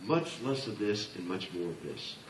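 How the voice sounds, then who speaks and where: A man giving a motivational business presentation to a live audience, talking in an animated way with frequent restarts and acted-out replies. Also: low voice, moderate pace, a little hiss or hum. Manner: animated, repeats and restarts, acts out people's replies. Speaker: business coach speaker. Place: large room before a live audience. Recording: echoey room from far off.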